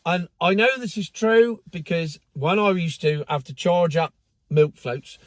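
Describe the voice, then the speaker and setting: A man's voice: fairly high pitch, a little slow, no room sound. Sardonic man ranting, dry close sound. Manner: sardonic, mocking, swearing. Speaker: car vlogger. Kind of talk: casual ranting commentary.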